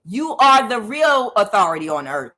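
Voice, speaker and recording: A woman's voice: mid-range voice, big pitch swings, normal speed, pushed and bright. A woman tarot reader giving a casual, emphatic spiritual reading, preachy and blunt, with some swearing.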